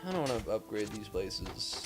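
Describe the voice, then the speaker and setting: A man giving casual gameplay commentary, rambling and profane, bursting into excited yelling. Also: lowish voice, normal speed, over music. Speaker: gaming YouTuber.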